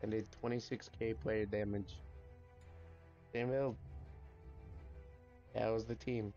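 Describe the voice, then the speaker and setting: Gravelly, unhurried male gamer. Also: lowish voice, muffled recording, faint music behind. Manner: excitable, swears, makes sound effects. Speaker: gameplay commentator. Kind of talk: casual gameplay commentary.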